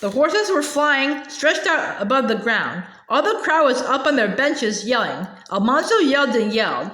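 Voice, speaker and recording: Lively, high-voiced woman reading a storybook aloud. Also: normal speed, reverberant. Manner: hesitant, with many filler sounds and stumbles. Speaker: storybook reader. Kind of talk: reading a children's novel aloud.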